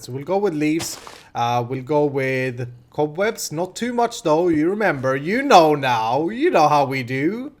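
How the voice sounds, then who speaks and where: A man in his thirties with a Swedish accent, hosting a casual gameplay commentary and chatting in a rambling way with many restarts. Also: medium pitch. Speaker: host.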